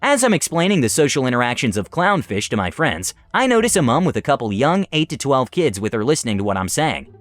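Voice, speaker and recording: A man narrating online stories in an animated, scripted way. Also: medium pitch, fast, no room sound, soft background music. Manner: animated storytelling.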